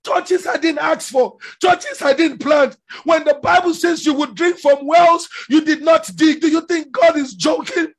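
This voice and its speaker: A man preaching a sermon with passion, often shouting. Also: very high-pitched, fairly even intonation, a little slow, hardly any pauses. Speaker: pastor.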